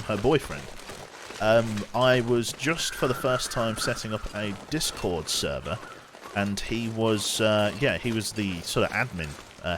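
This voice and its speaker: A man's voice: medium pitch, background noise. A young man streaming a survival game, chatting casually and rambling, often restarting his sentences and swearing offhand. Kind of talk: casual live-stream chat while gaming.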